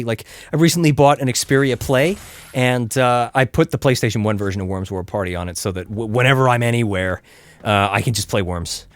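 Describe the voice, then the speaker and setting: A man chatting casually to his chat while playing an action game, getting loud and excited during fights. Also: medium pitch. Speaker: game streamer.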